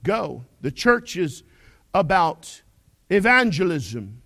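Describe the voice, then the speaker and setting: A male pastor delivers a folksy sermon with a fairly high voice that rises and falls dramatically. He booms out declarations, drops to quiet asides, and keeps throwing questions at his congregation. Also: big pitch swings, a little slow, long pauses. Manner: swings between loud declarations and quiet asides.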